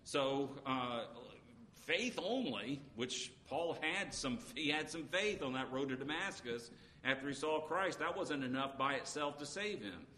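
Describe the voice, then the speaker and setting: A man's voice: medium pitch, lively intonation, a little slow, sharp tone. Earnest male preacher in a reverberant hall. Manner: earnest, reads King James scripture aloud, frequent uh fillers. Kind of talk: sermon with scripture reading. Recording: long reverb, faint background noise.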